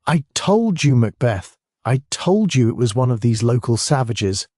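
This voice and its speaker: An actor voicing a blustering, pompous police chief inspector who bellows and sneers. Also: male voice, medium pitch, very animated, measured pace, dark tone, no echo, clean studio sound.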